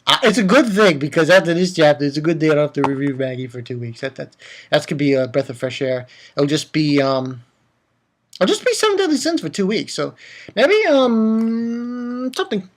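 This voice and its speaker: A man hosting a casual manga review vlog. He laughs often and swings between loud outbursts and mumbled asides. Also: on the high side, animated, normal speed. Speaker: manga reviewer, channel host.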